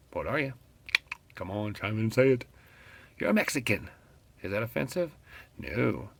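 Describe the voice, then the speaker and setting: A middle-aged West Virginian man rants straight to his viewers in a casual vlog. His voice sits a little low and carries a gravelly rasp. He tells his story bluntly and with plenty of profanity. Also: quick pace, fairly bright tone, a little hiss or hum. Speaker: vlogger.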